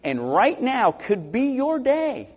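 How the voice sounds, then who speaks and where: A man, a pastor, preaching a sermon with animated delivery and sudden high-pitched bursts of emphasis. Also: takes it slowly, in a large hall, highs cut off. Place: church sanctuary.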